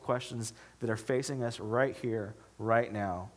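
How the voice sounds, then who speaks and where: A man preaching a sermon as a pastor, talking in a conversational way and building to animated, emphatic stretches. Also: on the low side, unhurried.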